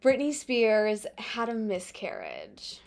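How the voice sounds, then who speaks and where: A woman's voice: a little high, huge pitch swings, slow, gravelly, darkish tone. A young woman in her twenties, co-hosting a casual pop-culture podcast and recounting events in a chatty, breathless way. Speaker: podcast co-host.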